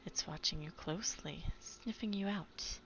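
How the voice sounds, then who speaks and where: A woman voicing a soft-spoken old grandmother telling an eerie tale about the forest, in a half-whispered manner. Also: on the low side, a little slow, highs cut off, slight background noise. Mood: eerie, hushed.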